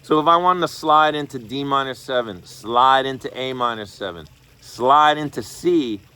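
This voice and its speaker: A man's voice: mid-range voice, normal speed. A man teaching an online guitar class in a casual, chatty way, scatting rhythms as he explains chords. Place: home studio over video call. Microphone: video call. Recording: loud guitar under the voice. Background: guitar playing.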